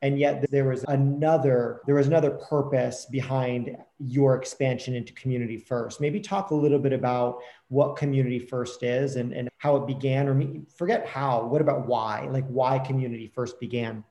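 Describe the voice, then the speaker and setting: A man's voice: medium pitch, steady tone, normal speed, few pauses, warm tone, reverberant. A male interviewer asking thoughtful questions and rephrasing them as he goes.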